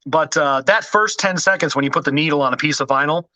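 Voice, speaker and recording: A man talking as a podcast guest in casual chat, hesitant with many restarts and quick to laugh. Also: a little high, bright, forceful tone, no echo, rough recording.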